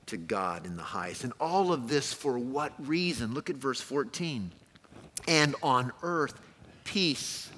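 A male pastor preaching with a lively, swinging delivery that jumps from ringing calls to near-hushed lows. His voice is bright and forward, carried by the long reverb of a large hall with a faint hiss underneath. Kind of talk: sermon.

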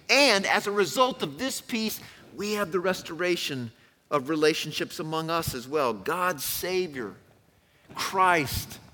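Animated male preacher in a reverberant hall. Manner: animated preaching, swings from loud calls to quiet lows. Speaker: pastor. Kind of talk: sermon. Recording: long hall reverb, faint noise.

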